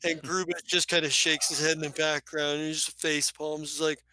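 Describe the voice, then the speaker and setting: A man's voice: a little high, level tone, moderate pace, bright, forceful tone, no room sound, rough recording. A man narrating as game master of a tabletop game, rambling loosely with fillers.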